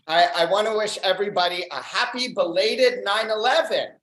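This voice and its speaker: An open mic stand-up comedian doing a dry, deadpan set on a club stage, pausing often on fillers. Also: mid-range voice. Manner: deadpan, dry one-liners with filler pauses. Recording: roomy club echo.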